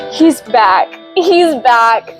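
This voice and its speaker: A woman with a bright, high-pitched voice chats through a casual book vlog. She gushes and giggles as she gives excitable reading updates, with quiet background music running faintly under her talk. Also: rough recording. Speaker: book vlogger.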